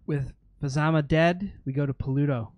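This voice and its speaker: A man's voice: a little high, fairly even intonation, moderate pace, no room sound, lo-fi sound. A man narrating as game master of a tabletop role-playing game, describing combat in a casual way.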